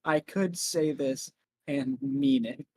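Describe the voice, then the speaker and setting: A man playing a tabletop role-playing game, talking animatedly in quick bursts. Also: medium pitch, steady tone, slightly rough, no room sound, poor audio. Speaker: player.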